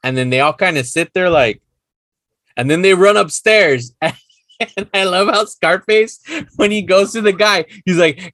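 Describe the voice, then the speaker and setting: A high-voiced man co-hosting a podcast, chatting casually and animatedly, often laughing as he retells scenes. His voice is close and dry, with no room sound. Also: a little slow, fairly bright tone, no echo. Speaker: podcast co-host. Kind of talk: casual chat recapping a show.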